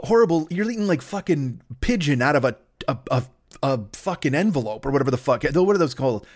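Fast-talking profane man ranting solo. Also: on the high side. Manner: profane, rambling, self-deprecating. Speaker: podcast host. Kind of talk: solo comedy podcast rant. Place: at his desk at home.

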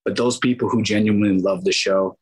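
A man's voice: on the low side, a little fast, breathy edge, low-quality recording. A man guest on an interview, telling rambling stories in a casual way and acting out quoted dialogue. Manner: animated, acts out quoted dialogue; rambling with restarts and fillers. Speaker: guest actor.

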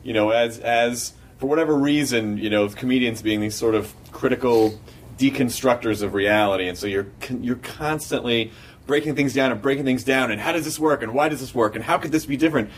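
Fast, analytical male talker, slightly off mic. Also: mid-range voice, distant mic, slight background noise. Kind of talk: casual podcast conversation.

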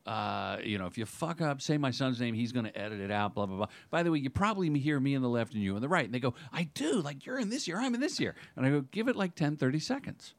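A man's voice: mid-range voice, very animated, fast talker, few pauses, no echo. A man appearing as a podcast guest, chatting casually and explaining things step by step. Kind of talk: casual chat.

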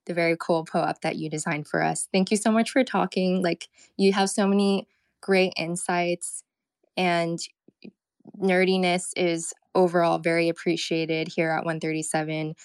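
A woman's voice: on the low side, flat delivery, normal speed, clean tone, no echo. A young woman co-hosting a casual online talk show, chatting in a rambling way with lots of fillers. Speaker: co-host. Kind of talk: casual chat.

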